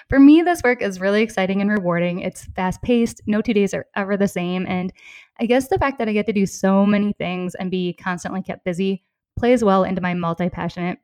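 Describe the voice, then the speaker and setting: Hosting her own podcast, this thirtysomething woman from southeastern Minnesota speaks with a Minnesota accent in a medium-pitched, slightly mellow voice. She's cheerful and friendly, giving little laughs between phrases, and there's no room sound.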